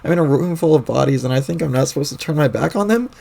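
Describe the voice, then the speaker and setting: A man voicing an angry, panicky young male troll who rants loudly and frantically and swears a lot, while reading a webcomic aloud on stream. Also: fairly high pitch, expressive, quick pace, vocal fry. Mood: panicked ranting. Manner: loud, ranting, frantic.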